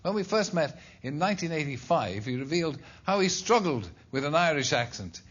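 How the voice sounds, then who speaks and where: Lively-voiced male talk show host. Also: fairly high pitch, brisk. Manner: teasing, wry questions. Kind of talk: chat show interviewing. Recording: dull lo-fi TV recording with faint hiss.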